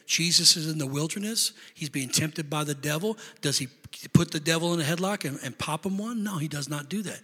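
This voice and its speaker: High bright-voiced preacher in a big hall. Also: male voice, slightly rough. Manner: dynamic preaching, builds to loud emphatic peaks, then drops to quieter asides. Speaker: pastor. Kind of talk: sermon. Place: church sanctuary.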